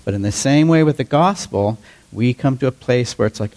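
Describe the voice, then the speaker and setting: Man in his fifties, pastor, sermon, chatty delivery, mid-pitched voice. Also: animated, fairly quick, darkish tone. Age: 50s. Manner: conversational, asks the congregation questions.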